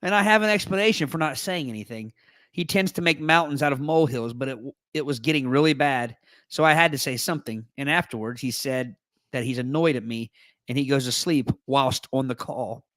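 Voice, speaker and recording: A man's voice: medium pitch, a little fast, a bit bright, no echo, clean studio sound. A man co-hosting a live podcast in a casual, joking chat, reading a forum post aloud with playful asides. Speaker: podcast co-host.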